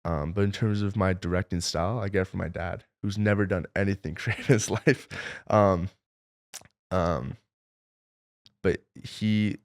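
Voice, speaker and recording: Young male director guest, low gravelly voice, loose rambling talk full of filler words. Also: fairly even intonation, moderate pace. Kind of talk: casual interview storytelling.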